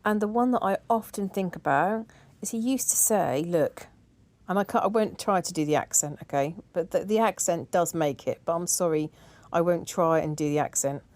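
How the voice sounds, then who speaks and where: A woman's voice: fairly low pitch, normal speed, a little mellow. A middle-aged woman chatting in a rambling way, with asides and laughter, as a decluttering vlogger. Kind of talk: casual chat.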